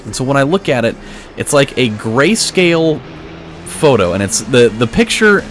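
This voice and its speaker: A man's voice: mid-range voice, expressive, normal speed, a little hiss or hum. A man hosting a gameplay video, telling a long story in a rambling way, full of restarts and swearing. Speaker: let's play host. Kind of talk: casual gameplay commentary, telling a dream.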